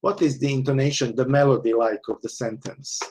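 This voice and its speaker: A man's voice: mid-range voice, steady tone, a little fast, a little mellow. Man lecturing, constant "okay?" checks. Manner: frequent "okay?" checks, restarts, explanatory. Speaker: university lecturer. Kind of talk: online lecture.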